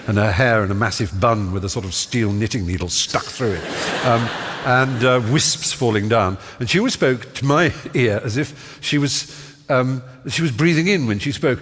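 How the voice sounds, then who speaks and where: Speaking at normal speed in a mid-range voice, a middle-aged Norfolk man guests at a live interview on a big theatre stage, spinning stories in playful, ornate language full of fillers. Theatre hall reverb and a faint hiss come through in the recording.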